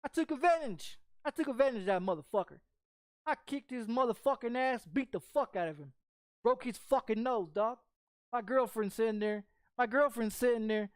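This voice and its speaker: A man's voice: very high-pitched, normal speed, no echo, clean studio sound. A man telling a personal story in casual chat while streaming a game, profane and rambling with frequent repeats.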